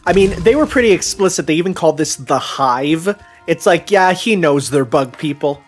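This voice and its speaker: A man's voice: a little high, lively intonation, normal speed, husky, faint music behind. A man commenting on a friend's video game playthrough, playful, explaining things and cracking jokes. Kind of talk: casual gameplay commentary.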